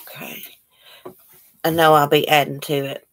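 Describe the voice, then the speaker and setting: Woman livestream host, deep voice, chatty, reads comments aloud. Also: flat delivery, a little slow. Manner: chatty, reads out viewer comments and greets them. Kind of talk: casual livestream chat.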